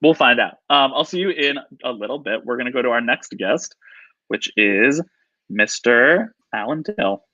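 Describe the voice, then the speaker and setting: A man hosting a live video interview, upbeat and quick to laugh. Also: mid-range voice, expressive, pushed and bright, dry recording. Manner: upbeat, giggly. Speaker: interview host. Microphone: video call. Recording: dull lo-fi video call audio.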